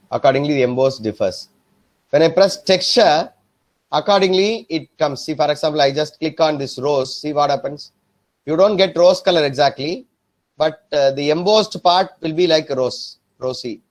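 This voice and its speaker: Man, slightly high voice, design tutorial, repetitive, checks understanding. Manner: repetitive, keeps checking "am I clear?". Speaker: design instructor. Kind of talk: screen-recorded software tutorial.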